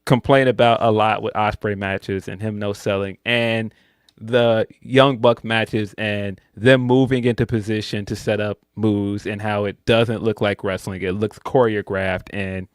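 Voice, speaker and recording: A man's voice: lowish voice, measured pace, clean tone, no echo, clean studio sound. A man co-hosting a podcast, chatting casually through a wrestling review and jumping into joking voices. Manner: animated, slips into loud slangy put-on voices for jokes. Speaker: podcast co-host.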